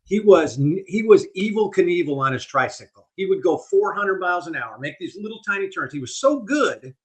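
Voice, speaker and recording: An older man, a guest on a podcast interview, telling stories in an animated, vivid way. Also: high-pitched, moderate pace. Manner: animated storyteller, vivid delivery. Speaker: guest speaker.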